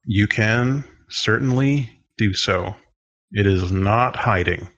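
A man narrating as game master of a tabletop role-playing game, describing scenes at an unhurried pace with frequent fillers. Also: lowish voice, a bit bright, dull audio.

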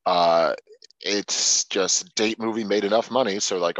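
A man's voice: a little slow, no echo. A man in a casual podcast chat about movies, talking animatedly and swearing freely. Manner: animated, swearing, mimics people in sudden high voices. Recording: dull lo-fi sound.

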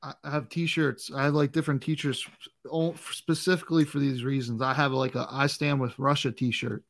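A man in a casual podcast conversation, speaking haltingly with frequent restarts. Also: mid-range voice, little pitch movement.

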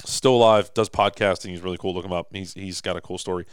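A man in his thirties co-hosting a podcast, telling stories with lively acted-out quotes. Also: low-pitched, quick pace, clear, resonant tone, no echo, studio quality. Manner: animated storyteller, acts out quotes. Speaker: podcast co-host. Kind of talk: casual podcast chat.

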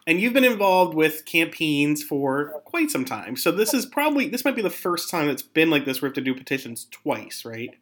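A man's voice: on the high side, sing-song, moderate pace, hardly any pauses, a bit bright. A man hosting a podcast, chatting casually with fillers and a rambling manner. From Pennsylvania. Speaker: podcast host. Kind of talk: casual interview chat.

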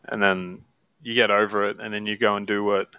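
A man's voice: lowish voice, flat delivery, a little fast, clean tone, no room sound. A man co-hosting a casual podcast, wry and full of offbeat questions. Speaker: podcast co-host. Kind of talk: casual chat. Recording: dull dry mic.

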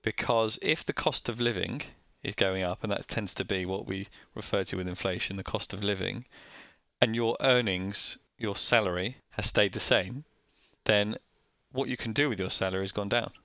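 A Northern English man talks through a point in a plain, easygoing way, keeping things simple and slipping in a joke. His voice is low and bright. It sits close and dry on a studio mic. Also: normal speed, no echo. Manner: plain-spoken, joking, explains simply. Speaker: co-host. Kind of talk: casual explanatory chat.

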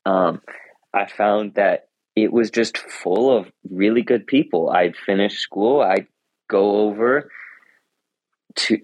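Earnest teenage boy, low voice. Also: slow pace, pauses often, dry recording. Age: teens. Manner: earnest, reflective, with many restarts. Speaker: high school runner, interview guest. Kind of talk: interview answers. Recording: dull lo-fi sound.

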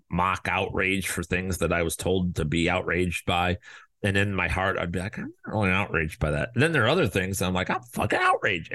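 A fired-up male podcast host with a lowish voice, talking straight into a close mic. He is blunt and profane and jumps into loud mocking voices. The sound is dry and close. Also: no echo. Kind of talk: fired-up opinion monologue.

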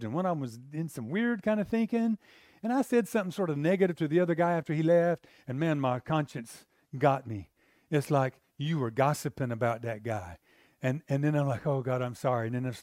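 A man with a fairly high voice preaches a sermon in a plain, conversational way. He tells personal stories, acts out his old arguments in animated bursts, and often checks that the listeners are following him. The sound is dry and close. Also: dry recording. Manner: animated storyteller acting out his own past arguments. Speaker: pastor.

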